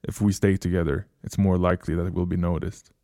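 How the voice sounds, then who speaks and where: A man's voice: low voice, level tone, quick pace, warm tone, dry recording, clean studio sound. A man voicing a weary, detached stranger. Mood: resigned. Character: quiet, weary male stranger, detached and resigned.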